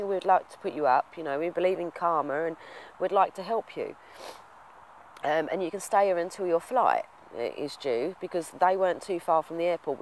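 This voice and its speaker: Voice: mid-range voice, a little hiss or hum. Heartfelt rambling vlogger. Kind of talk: casual storytelling vlog.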